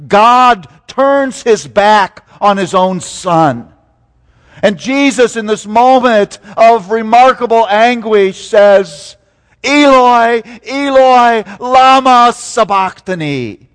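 Male preacher, slightly high voice, emphatic sermon delivery with hushed moments, reverberant hall. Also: slow. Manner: swings from loud emphatic peaks to hushed low lines.

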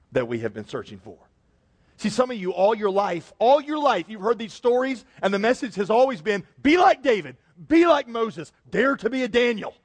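Male pastor preaching, kinda high voice, goes soft then loud, big echoey church hall. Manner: dynamic preaching, dropping to quiet emphasis and rising in bursts. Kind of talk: sermon.

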